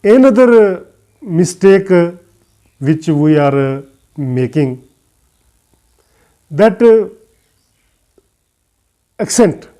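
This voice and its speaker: A man who is not a native English speaker gives an earnest English lesson, talking slowly with many pauses and fillers. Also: sits high, expressive, mellow. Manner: earnest, advising. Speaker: English teacher.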